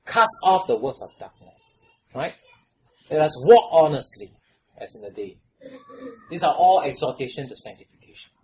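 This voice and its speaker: Preacher, lively pitch. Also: moderate pace, long pauses, poor audio. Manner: swings from loud exhortation to hushed, trailing lows; repeats phrases and asks the congregation questions. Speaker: pastor. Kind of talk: sermon.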